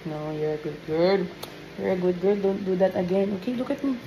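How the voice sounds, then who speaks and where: A woman's voice: on the low side, animated, fairly quick, dull audio, background noise. A woman in her thirties with a Filipino accent, chatting casually as a mother in a family vlog, coaxing and motherly. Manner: coaxing, motherly, mixes Tagalog into English. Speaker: mother and vlogger. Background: music.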